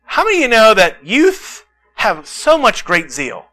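A man delivering a sermon from the pulpit, his voice high and ringing. He tells lively personal stories, animated and acting out the voices of the people in them. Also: measured pace, faint music behind, low-quality recording. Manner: animated storytelling, acts out quotes. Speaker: pastor.

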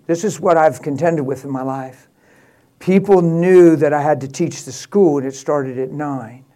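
A man's voice: a little high, a little mellow. An older man, a pastor, telling stories in an emphatic, candid and emotional way. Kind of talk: casual storytelling talk.

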